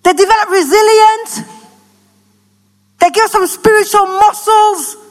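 A woman preaching a passionate sermon that rises to shouts, recorded in an echoey church hall. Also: very high voice, steady tone, measured pace.

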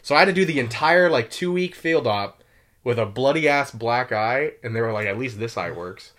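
A man's voice: mid-range voice, expressive, fairly bright tone. A young man telling war stories in a casual chat, loose and full of fillers and swearing. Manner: swears a lot, quick and loose with many fillers. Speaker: podcast host telling military stories.

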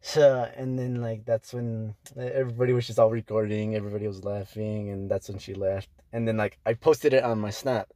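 A man's voice: fairly low pitch, little pitch movement, a little fast, hardly any pauses, mellow, no room sound. A young man hosting a podcast, telling stories in casual chat with heavy swearing and lots of fillers. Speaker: podcast host.

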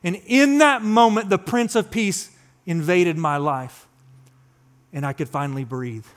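Speaking a little slowly with a fairly high, animated voice, this thirtysomething pastor preaches in a repetitive cadence. His delivery swings from quiet and intimate to loud and urgent.

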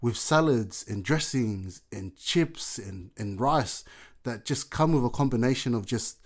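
A man's voice: mid-range voice, measured pace. A man, co-hosting a casual podcast chat and telling stories with playful exaggeration. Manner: animated storyteller, playful exaggeration. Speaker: podcast co-host.

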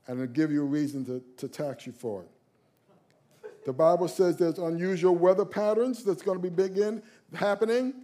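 High-pitched guy preaching hard, repeats himself for emphasis, goes loud then quiet. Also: moderate pace. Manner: impassioned, swings from loud declarations to quiet asides; repeats key phrases for emphasis. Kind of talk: sermon.

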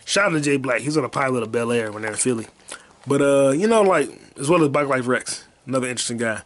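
A man hosting a podcast alone, telling crude, rambling stories and bursting into loud high yelps and sound effects. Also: fast talker, slight background noise. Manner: profane, rambling storytelling. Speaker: podcast host. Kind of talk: casual solo podcast monologue.

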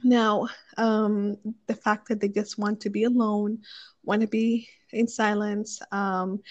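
A woman's voice: medium pitch, vocal fry, darkish tone, no room sound, lo-fi sound. Chatty young woman, dry sound. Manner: chatty, thinking aloud with many fillers and restarts. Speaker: speaker sharing advice on marriage. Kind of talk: casual chat.

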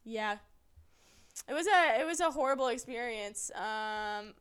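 Young female podcast co-host, slightly high voice, animated, swears freely. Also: measured pace, clear, resonant tone. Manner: animated, profane storytelling. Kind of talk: casual chat.

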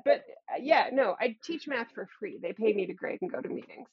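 Candid woman professor, earnest and wry, husky voice on dull lo-fi audio. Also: on the high side, expressive, a little fast. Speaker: guest, math professor. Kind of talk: conversational interview.

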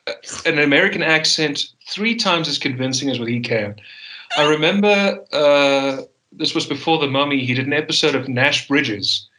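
Man from South Africa, podcast host, bright tone, formal wordy phrasing. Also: a little high, moderate pace, a little hiss or hum, poor audio. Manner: formal, elaborate wording. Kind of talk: casual chat.

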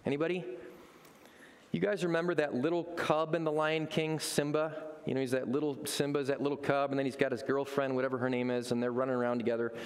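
A man's voice: medium pitch, fast, big-room sound. A man preaching a sermon as a pastor, telling stories with energy and acting out voices. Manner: animated storytelling, acts out voices.

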